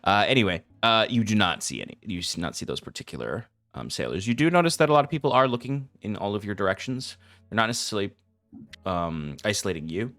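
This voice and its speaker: Low-voiced man running a tabletop game. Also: big pitch swings, fast talker, fairly bright tone. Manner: rambling, hesitant, laughs often. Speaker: game master.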